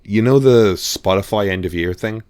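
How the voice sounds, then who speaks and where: A man's voice: on the low side, normal speed, a little mellow, clear, resonant tone, dry recording, studio quality. A man co-hosting a podcast, chatting casually about films, rambling with lots of fillers and restarts. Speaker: podcast co-host. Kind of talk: casual chat.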